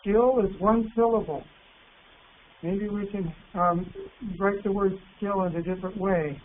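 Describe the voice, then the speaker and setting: A man presenting an online teacher workshop, patient and encouraging, reading words out slowly. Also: high voice, fairly even intonation. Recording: tinny phone-like line with faint hiss.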